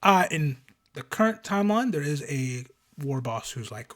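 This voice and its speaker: A man co-hosting a casual podcast, explaining at length with rambling restarts and loud bursts of enthusiasm. His voice sits fairly high for a man. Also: big pitch swings, normal speed. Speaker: podcast co-host.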